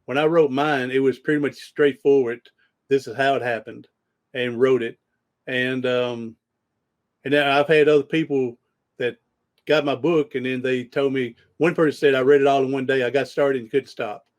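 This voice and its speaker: A man's voice: mid-range voice, steady tone, moderate pace. A man hosting a podcast, telling rambling stories in casual conversation with frequent restarts. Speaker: podcast host.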